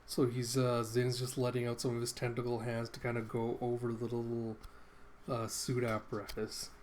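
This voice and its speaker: A man's voice: medium pitch, monotone, moderate pace, darkish tone, a little hiss or hum. A man hosting a comic readthrough, retelling the story in a loose, filler-laden way. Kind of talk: casual comic recap.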